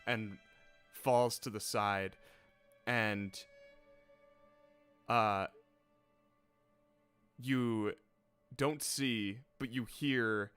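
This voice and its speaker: A man running a tabletop game as game master, narrating in an unhurried way with many filler pauses. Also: lowish voice, steady tone, fairly bright tone, clean tone, faint music behind.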